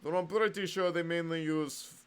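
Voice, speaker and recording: A man's voice: a little high, fairly even intonation, moderate pace, clear, resonant tone. A man vlogging in a casual, rambling monologue, sardonic and full of swearing.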